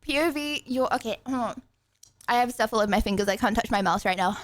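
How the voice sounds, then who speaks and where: A woman's voice: fairly high pitch, fast, dry recording, studio quality. A young woman streaming live, chatting casually and rambling to her viewers while she eats. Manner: rambling, chatty, talks to chat.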